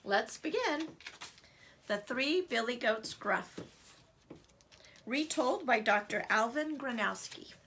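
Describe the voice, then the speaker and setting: A woman teacher reading a storybook aloud to children in an expressive, animated way. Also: a little high, takes it slowly, long pauses, a little hiss or hum.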